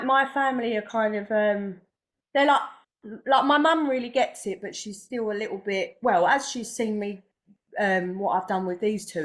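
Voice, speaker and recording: A young woman, a podcast guest speaking enthusiastically in casual chat with many fillers. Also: mid-range voice. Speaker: guest, massage therapist.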